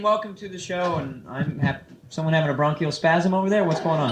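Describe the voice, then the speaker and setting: A man in his twenties doing a loose stand-up set in a comedy club, teasing the audience and slipping into quick voices. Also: fairly high pitch. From San Francisco. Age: 20s. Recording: echoey club room with audience noise. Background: audience laughter.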